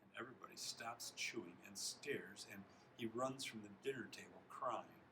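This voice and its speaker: A man reading a children's novel aloud, expressive, stopping now and then to comment on the text and correct himself. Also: fairly low pitch, moderate pace, noisy background. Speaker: reader.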